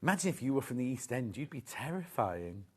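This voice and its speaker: This middle-aged shopping channel host has a medium-pitched, slightly rough voice with a sing-song lilt and a little fast delivery. Broadcasting a live sewing show from a TV studio, he enthuses about fabrics and teases the crew in chatty back-and-forth.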